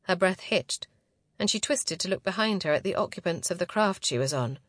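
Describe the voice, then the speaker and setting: A woman narrating a science fiction novel in a steady, even storytelling manner. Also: lowish voice, a little fast, no room sound, studio quality. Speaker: audiobook narrator. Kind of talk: scripted narration.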